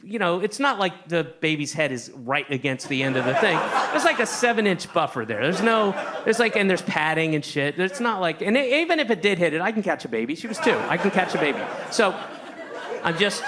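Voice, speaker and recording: A man doing a stand-up routine, telling a rambling story with lots of restarts and sudden shouted outbursts. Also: high voice, expressive, a little fast, over a noisy crowd, heavy background noise. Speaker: stand-up comedian. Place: comedy stage with a live audience.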